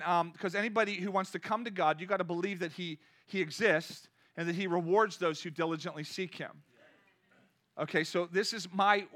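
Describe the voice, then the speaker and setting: A pastor with a fairly bright, higher-pitched voice preaches to his congregation in church. He speaks conversationally, poses questions to the room, and builds to impassioned cries.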